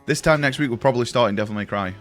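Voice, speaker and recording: Talking very fast in a medium-pitched, somewhat bright voice, the young British streamer casually addresses his viewers as mate and boys and swears freely. Faint music plays behind him.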